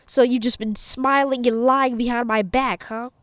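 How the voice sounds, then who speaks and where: A woman's voice: fairly high pitch, steady tone, moderate pace, no echo, voice pushed up, lightly acted. A woman voicing a hot-tempered teenage boy rival who accuses angrily. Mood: angry.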